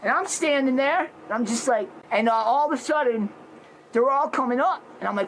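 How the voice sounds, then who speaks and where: A man telling a story loudly and dramatically, acting out shouts and growls. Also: very high voice, a little fast, slight background noise, poor audio. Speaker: social media personality. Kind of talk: animated storytelling.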